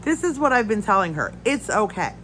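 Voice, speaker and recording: Stuffy-nosed woman with a cough, lively swinging pitch, rambling home chat, faint hiss. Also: fairly quick, rough recording. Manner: rambling, ranting storyteller. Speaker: crafting channel host. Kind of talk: casual chat while crafting. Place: her home.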